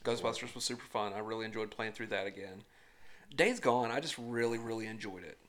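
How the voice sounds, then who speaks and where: A man's voice: fairly low pitch, a little fast, fairly bright tone. A man chatting casually with friends on a podcast, blunt and opinionated, swearing freely. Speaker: podcast co-host. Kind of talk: casual chat among friends.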